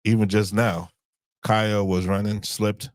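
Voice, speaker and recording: Male podcast co-host, low voice, close dry sound, wandering casual talk. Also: little pitch movement, unhurried, no room sound. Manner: rambling, searches for words, acts out dialogue. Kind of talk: casual chat.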